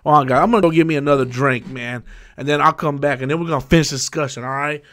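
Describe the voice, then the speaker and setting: A man hosting a live stream, talking casually and profanely, repeating himself and quickly flaring into angry rants at viewers. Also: fairly high pitch, a bit bright. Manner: profane, repetitive, quick to anger. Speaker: livestream host.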